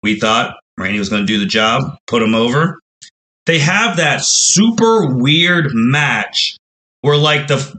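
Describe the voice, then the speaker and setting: A man's voice: medium pitch, pushed and bright, low-quality recording. A man hosting a podcast, telling a long, rambling recap with frequent exclamations. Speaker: podcast host.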